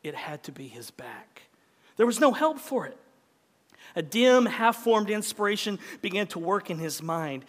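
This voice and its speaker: High-voiced preacher with dramatic delivery. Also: male voice, very animated, measured pace. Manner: dramatic storytelling, swings from loud to hushed. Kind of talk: sermon with story reading. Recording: long hall reverb.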